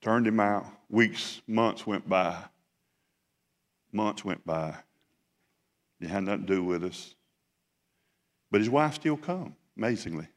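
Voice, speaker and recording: A deep-voiced man preaches from the pulpit, spinning a story in a plain, folksy way. His voice carries a long reverb from the church hall. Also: animated, slow, long pauses. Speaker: pastor. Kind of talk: sermon. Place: church sanctuary.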